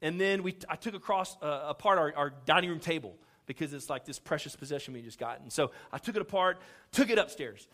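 Telling a sermon story, this middle-aged Houston pastor speaks a little fast in a fairly high, fairly bright voice with lively intonation. He performs the dialogue himself, using self-deprecating humor.

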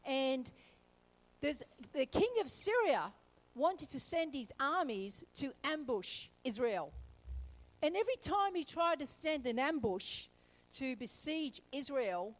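A woman preaches a sermon in a high voice. She tells her story with energy and slips into the characters as she goes. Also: takes it slowly, low-quality recording. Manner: lively, acts out characters in the story. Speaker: pastor.

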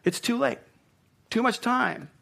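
A man's voice: very high-pitched, slow pace, creaky, a bit bright, pitched above the performer's own voice, heavily acted. A man voicing a scornful male accuser spirit that hurls relentless taunts. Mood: taunting.

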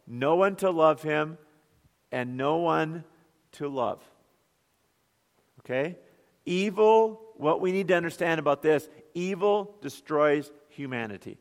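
A man, a pastor, preaching an earnest sermon full of rhetorical questions. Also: a little high. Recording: long hall reverb.

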